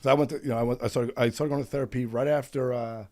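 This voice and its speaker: A man's voice: mid-range voice, fairly even intonation, very fast, a little mellow. A man in his thirties hosting a podcast, chatting candidly about therapy and his own life. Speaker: podcast host. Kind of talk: casual podcast chat.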